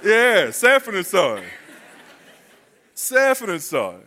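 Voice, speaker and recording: Bright, high-voiced joking preacher man. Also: huge pitch swings, takes it slowly. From North Carolina. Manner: folksy, joking, chatty. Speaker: guest pastor. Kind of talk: sermon with humorous storytelling. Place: church.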